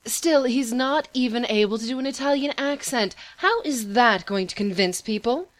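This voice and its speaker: A woman's voice: medium pitch, expressive, moderate pace, natural voice. A woman reading a haughty grande dame, stiffly upright and aloof. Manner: haughty, with a put-on British air.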